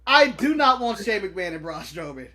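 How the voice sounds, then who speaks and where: A high-voiced man co-hosting a casual wrestling chat, laughing his way through his points. He drops into quick impressions mid-sentence and talks in an animated, joking manner. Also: a crowd in the background. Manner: laughs often, slips into impressions. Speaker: podcast co-host.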